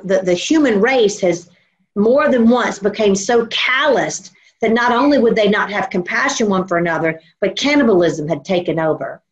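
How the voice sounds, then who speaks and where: Woman preacher, earnest sermon delivery, slightly high-pitched, muffled recording. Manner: earnest, storytelling, slows for emphasis. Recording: dull lo-fi recording.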